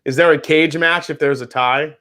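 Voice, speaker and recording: A man's voice: on the high side, normal speed. A man hosting a casual livestream tasting chat, joking and playful. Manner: jokey, animated, playful. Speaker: livestream host.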